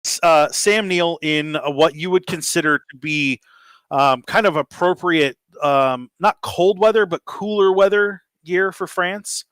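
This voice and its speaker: A man's voice: fairly high pitch, measured pace, smooth, no room sound. Easygoing man running a tabletop game. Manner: relaxed, full of ums and uhs. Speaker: game master.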